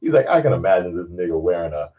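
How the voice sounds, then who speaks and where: Quick and sing-song, this deep-voiced man chats casually on his own channel's livestream, rambling, cursing without restraint and bursting into laughter. The audio has its high frequencies cut off.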